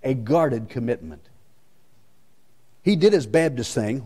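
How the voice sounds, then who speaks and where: A man's voice: mid-range voice, expressive, a little slow, dark tone. A male pastor preaching a sermon with emphasis, repeating his key lines.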